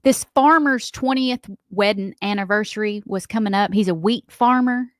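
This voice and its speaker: A woman's voice: medium pitch, normal speed, no room sound, clean studio sound. A woman with a Southern American accent co-hosting a morning radio show, telling stories in a chatty way and laughing often. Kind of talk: casual radio banter.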